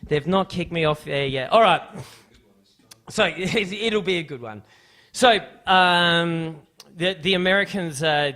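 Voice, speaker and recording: A man's voice: a little high, fairly bright tone. A man hosting a live radio show, telling a joke in a loose, rambling way with lots of fillers and restarts. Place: radio studio.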